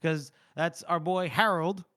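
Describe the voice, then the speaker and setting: A man's voice: on the high side, takes it slowly, bright, forceful tone. A man co-hosting a podcast, recapping a novel's chapter in casual chat and briefly voicing the characters' lines. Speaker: podcast co-host. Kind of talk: casual book-discussion chat.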